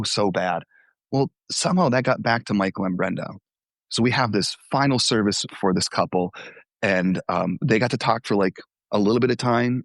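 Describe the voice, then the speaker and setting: Low-voiced man telling candid stories. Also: no room sound. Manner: candid, conversational, with frequent fillers and restarts. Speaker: former youth pastor. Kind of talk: candid interview storytelling.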